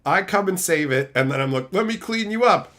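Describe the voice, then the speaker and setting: A man streaming, answering his chat and telling stories in a loud, profane, laugh-filled way. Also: high-pitched, fairly quick. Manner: animated, profane storytelling with frequent laughter. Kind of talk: casual livestream chat.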